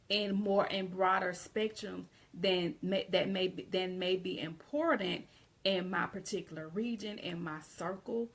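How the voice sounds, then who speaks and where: Southern American woman teaching grammar, gravelly. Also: mid-range voice, fairly bright tone. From Southern United States. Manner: conversational, repeats and restarts phrases. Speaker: English teacher. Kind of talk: casual online grammar lesson.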